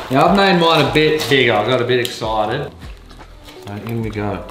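A young man cooking in his home kitchen, talking in a casual, excitable, sweary way. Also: medium pitch, moderate pace, noisy background. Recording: echoey kitchen with music behind.

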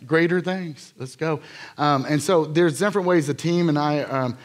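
A man preaching a live sermon in a church, telling healing stories in an energetic, jokey, rambling way full of fillers and restarts. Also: fairly high pitch, normal speed. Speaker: guest preacher. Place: church sanctuary.

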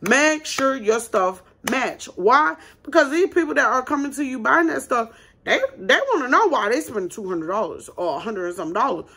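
A woman's voice: a little high, expressive, normal speed, sharp tone, breathy edge. A woman running her own small business, hosting a casual advice vlog and talking bluntly and emphatically straight to her viewers.

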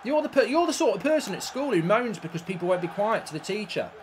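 A gaming streamer with a high voice and big pitch swings talks fast while playing a football video game. He rants and swears at the match and answers viewers' chat during this live commentary, with slight background noise.

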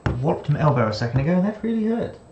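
A gaming channel host with a slightly high, very animated voice races through casual let's-play commentary. Chatty and playful, he talks to the characters on screen and slips into silly voices. The audio is dull, with background noise.

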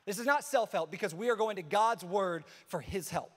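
High-voiced preacher in a reverberant hall. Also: male voice, normal speed. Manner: energetic, repeats phrases for emphasis. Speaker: pastor. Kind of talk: sermon.

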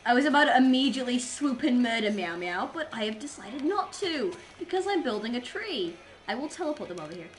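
Excitable young woman rambling on stream. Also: fairly high pitch, normal speed. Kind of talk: casual chat while gaming. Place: home streaming setup.

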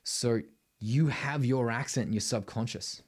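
A man's voice: medium pitch, unhurried, slightly rough. A middle-aged Australian man teaching singing to camera, emphatic and blunt, ending his points with "right?". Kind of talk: vocal tutorial to camera.

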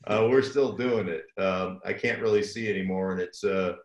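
Speaking at a moderate pace in a low voice, this former pro football player, now an older man, is a guest spinning a meandering story at his own expense. It's casual storytelling, captured with a roomy echo.

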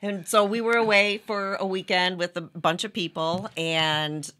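A woman's voice: lowish voice, measured pace. A middle-aged woman, a band member's mother, telling stories in a casual interview and acting out the quotes. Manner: animated, acts out quotes.

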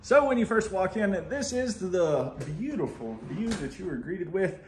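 A man's voice: high voice, big pitch swings, moderate pace, a little mellow, a little hiss or hum. A man hosting a home tour video, walking around a model house and gushing over its features in a chatty, upbeat way. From United States. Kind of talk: enthusiastic home tour walkthrough.

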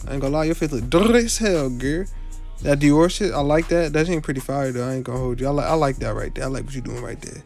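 A man's voice: medium pitch, fast talker, vocal fry, darkish tone, soft background music. A young man giving casual, joking reaction commentary as a YouTuber, talking bluntly in slang and dropping tags like "you feel me" all through. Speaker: YouTuber rating viewers' avatars.

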